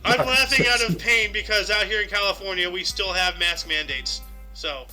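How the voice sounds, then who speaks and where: A man's voice: sits high, moderate pace, loud music behind the voice. A man hosting a casual podcast, reading history facts with joking, rambling asides. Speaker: podcast host.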